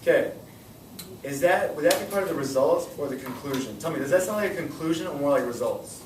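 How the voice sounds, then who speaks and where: Young male teacher, energetic classroom lesson, recorded far off in a noisy, roomy classroom. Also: a little high, quick pace. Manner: energetic, repeats questions to students. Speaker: high school science teacher.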